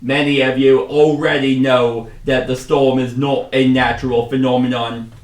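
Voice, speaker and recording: A man's voice: medium pitch, animated, brisk, recorded from a distance, lightly acted. A man playing a stern female commander with a wandering accent. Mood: grave. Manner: commanding, with a put-on accent that drifts. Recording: roomy sound from away from the mic.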